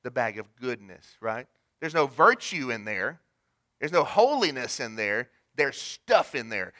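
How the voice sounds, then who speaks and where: A man preaching a sermon in a conversational way, swinging from loud emphasis to hushed asides and talking directly to the congregation. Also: medium pitch, sing-song, a little slow. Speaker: pastor.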